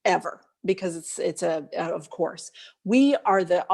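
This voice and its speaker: A woman life coach leading a live group session, talking in an animated, searching way and laughing often. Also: on the low side, a little slow, gravelly, husky.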